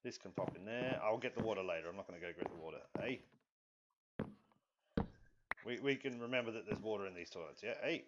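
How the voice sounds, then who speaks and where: A man's voice: lowish voice, brisk, long pauses. A man streaming live, chatting casually and rambling to himself as he builds in a video game, often apologizing. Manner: rambling, self-talking, apologetic. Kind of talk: live gameplay commentary. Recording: dull lo-fi stream audio with loud noise.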